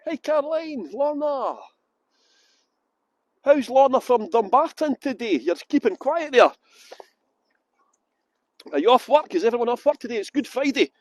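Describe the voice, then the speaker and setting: Brief: Scottish tour guide, middle-aged man, cheeky banter with viewers, phone on a gimbal outdoors, very high pitch. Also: expressive, a little slow, long pauses, dry recording. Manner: cheeky, joking, chatty greetings to viewers. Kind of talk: livestreamed walking tour chat. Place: city streets outdoors.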